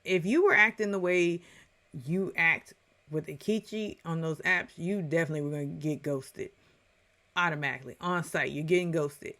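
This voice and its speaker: A woman commenting on a reality show in a casual, opinionated rant, animated and quick to act out other people's lines. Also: low voice. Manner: opinionated, animated, puts on voices when quoting.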